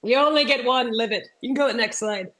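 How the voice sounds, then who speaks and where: A woman's voice: a little high, fast talker, fairly bright tone. A woman in her thirties from Texas, a comedian giving a keynote talk as a chatty, self-deprecating storyteller while getting over a sinus infection. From Texas, USA. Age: 30s. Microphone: remote presentation.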